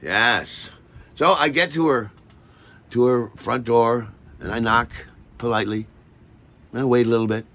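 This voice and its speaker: An older man telling a personal story in an animated way, acting out every voice and lingering on words. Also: medium pitch, measured pace, long pauses.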